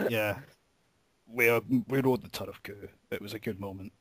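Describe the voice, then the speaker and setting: A man's voice: fairly low pitch, darkish tone, slightly rough, no room sound. Laughing young man telling a story. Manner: swearing, laughing through his story. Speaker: podcast host. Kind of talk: casual storytelling chat.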